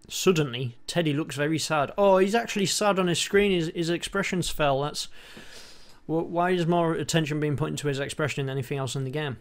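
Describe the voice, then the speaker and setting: Sarcastic sweary gamer. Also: male voice, fairly high pitch. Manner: sarcastic, sweary, deadpan asides. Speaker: gaming channel host. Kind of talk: let's play commentary.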